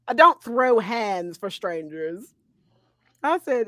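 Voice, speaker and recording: A woman in her thirties telling a story in casual, slangy chat, animated, laughing and swearing as she goes. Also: fairly high pitch, drawn-out words, no room sound, studio quality. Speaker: podcast co-host.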